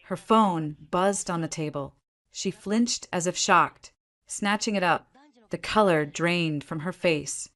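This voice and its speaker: A woman narrating a first-person story and voicing her own lines, with a measured, even delivery. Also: on the low side.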